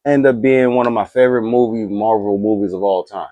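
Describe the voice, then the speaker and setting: Man, very low voice, casual rambling chat, excitable, dry recording. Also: fairly quick, no echo, highs cut off. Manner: rambling, with restarts and asides; animated and excitable. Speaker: movie reaction YouTuber.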